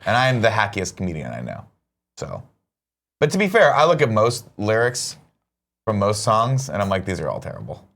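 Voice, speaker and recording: A man's voice: on the low side, huge pitch swings, moderate pace, a bit bright. A young man co-hosting a talk show, bantering with teasing sarcasm. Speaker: podcast co-host. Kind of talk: casual chat.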